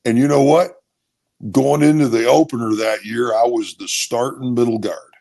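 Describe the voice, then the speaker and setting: A man's voice: mid-range voice, normal speed, vocal fry. A middle-aged man from Maryland, a former college football player, telling stories casually and acting out other people's voices. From Maryland, USA. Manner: animated storyteller who acts out other voices. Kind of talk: casual storytelling.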